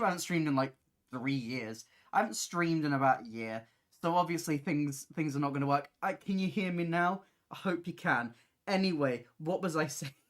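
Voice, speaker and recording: A woman talks casually to her livestream audience from home late at night. She is loud and easily distracted, jumping between ideas with frequent giggles. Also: sits low. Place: home, building on the floor.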